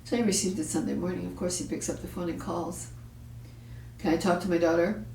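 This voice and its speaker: A woman's voice: fairly low pitch, steady tone, brisk, creaky, warm tone, slight background noise. A woman hosting a parenting talk, telling a story bluntly and with profanity, acting out the voices she quotes. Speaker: parenting show host. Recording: echoey room, far from the mic.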